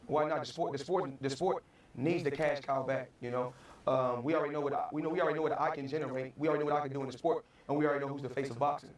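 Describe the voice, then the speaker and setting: A man's voice: medium pitch, fairly even intonation, very fast. A man, a boxer, arguing cockily in a TV interview and talking over the host. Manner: cocky, argumentative, talks over the host. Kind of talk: combative studio interview. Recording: replayed TV clip, echoey and distant.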